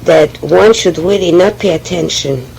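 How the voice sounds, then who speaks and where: A woman with a French accent, speaking haltingly and often restarting as she tells her personal oral history. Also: on the low side, gravelly, noisy background. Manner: hesitant, halting, with frequent restarts. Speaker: memoir speaker.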